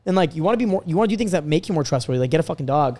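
Brash male podcast host, rapid and high-pitched, swears freely, animated storyteller. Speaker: podcast host and dating coach. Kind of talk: casual podcast chat.

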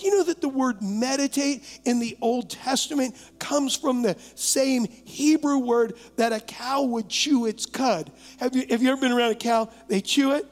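A male pastor preaching a lively sermon, coaxing the congregation to talk back and acting out imagined doubts. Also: very high-pitched, moderate pace, few pauses, big-room sound. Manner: acts out imagined voices and doubts. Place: church sanctuary, live service.

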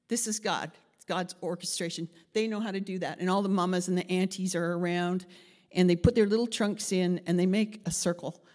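A woman pastor preaching a sermon, telling a story with lively acted-out voices and frequent laughs. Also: on the low side, fairly quick, long reverb tail. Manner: animated, acts out voices in her story, laughs often.

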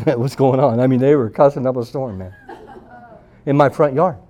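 A man preaching at a church meeting, telling a story and acting out the voices of the people in it with loud bursts. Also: medium pitch, brisk, muffled recording. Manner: animated, acts out quoted voices loudly. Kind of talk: sermon with storytelling.

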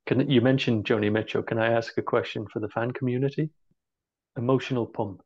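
A man asks an interview guest questions, pausing and restarting as he goes. His voice comes through slightly muffled, on lo-fi audio. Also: mid-range voice, fairly even intonation, darkish tone, slightly rough. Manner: hesitant, halting questions. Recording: dull lo-fi audio.

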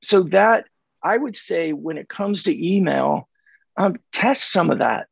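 A man from California, a sales coach on a podcast, telling animated stories and acting out the dialogue. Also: high-pitched, measured pace, creaky, breathy edge, no room sound. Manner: animated, acts out dialogue in anecdotes. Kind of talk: conversational storytelling. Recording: dull dry lo-fi audio.

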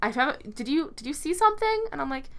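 A woman's voice: sits high, sing-song, quick pace. A woman in her twenties telling personal stories in casual chat, quoting people and laughing often. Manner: chatty, quotes people often, laughs a lot. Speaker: podcast co-host.

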